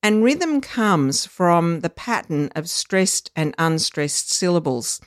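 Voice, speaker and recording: Educator, mid pitch, unhurried teacherly explainer, close dry mic, occasional ums. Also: very animated, dry recording. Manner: measured, teacherly, frequent ums and uhs. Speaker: literacy educator. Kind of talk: explanatory podcast chat.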